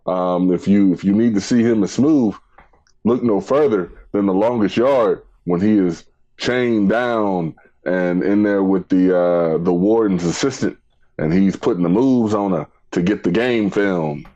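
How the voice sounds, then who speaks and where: A man co-hosting a casual chat, easygoing and deliberate. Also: low-pitched, warm tone. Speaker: podcast co-host. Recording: dull lo-fi mic.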